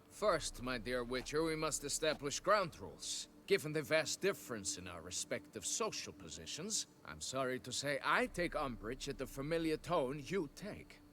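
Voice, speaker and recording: A man's voice: mid-range voice, sharp tone, a little hiss or hum. An actor voicing a pompous, haughty middle-aged nobleman who owns a vineyard, in video game dialogue. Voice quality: pompous, condescending.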